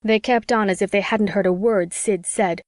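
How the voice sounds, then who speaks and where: A woman's voice: mid-range voice, fairly even intonation, moderate pace, darkish tone, no echo. Woman narrating an audiobook, dry sound.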